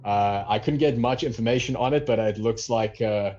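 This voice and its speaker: A man co-hosting a wrestling podcast wanders through stories in relaxed chat, leaning on lots of fillers. He speaks at normal speed in a mid-range voice with a darkish tone, and the audio is dull.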